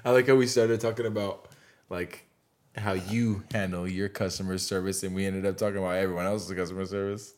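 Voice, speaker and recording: A man's voice: deep voice, flat delivery, fairly quick, a little mellow. A young man co-hosting a podcast in casual chat, teasing his co-host and chiming in with jokes.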